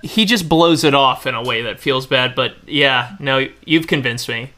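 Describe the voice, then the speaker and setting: A man's voice: medium pitch, normal speed, bright, forceful tone. A man co-hosting a podcast, talking animatedly about a film and laughing between points. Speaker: podcast co-host. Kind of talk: casual film discussion.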